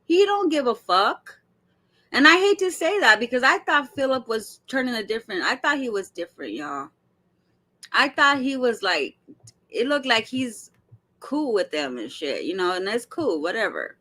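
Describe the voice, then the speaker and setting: A woman hosting casual reaction commentary, talking straight to her viewers in a blunt, animated way and swearing freely. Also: on the high side, normal speed. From Arizona. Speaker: commentary host.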